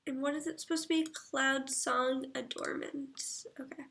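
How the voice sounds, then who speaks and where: A woman livestreaming, chatting casually, reading viewer comments aloud and murmuring soft asides. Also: high-pitched, fairly even intonation, normal speed, creaky, a little hiss or hum.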